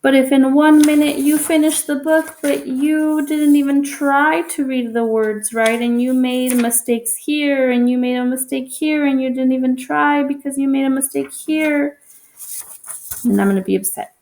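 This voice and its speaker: A woman teacher walks young children through a homework assignment with patience and encouragement. Her voice sits a little high and carries a gravelly fry, and she repeats each instruction slowly so no one gets lost. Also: steady tone, a little mellow, a little hiss or hum. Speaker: elementary school teacher.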